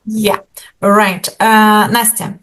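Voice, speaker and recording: A woman's voice: medium pitch, flat delivery, extremely slow, a bit bright. A woman teaching an English lesson over a video call, patiently asking her students questions and encouraging them.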